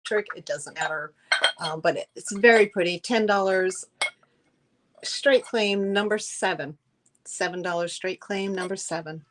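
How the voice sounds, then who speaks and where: Here a middle-aged woman speaks a little slowly, in a medium-pitched voice, while hosting a live-stream shopping session. She warmly chats up her viewers, often restarting sentences and leaning on fillers.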